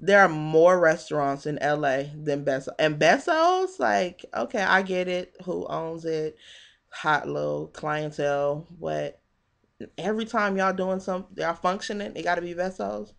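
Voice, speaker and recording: A woman recapping a reality show in casual, animated commentary, sassy and quick to laugh. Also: lowish voice, vocal fry.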